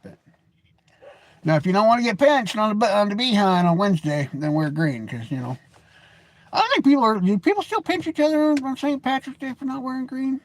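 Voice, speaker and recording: His voice sits high and sounds animated, running a little fast. He's an American in his forties, vlogging to a webcam or phone camera from a seat, rambling through a jokey, blunt monologue.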